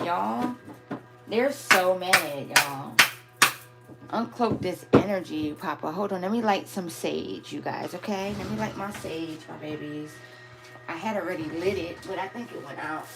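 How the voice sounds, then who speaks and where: A woman's voice: on the low side, measured pace, vocal fry, over loud music. A woman hosting a casual live spiritual reading on her phone camera, chatty and affectionate toward her viewers. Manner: affectionate, chatty, calls viewers "my babies" and "y'all".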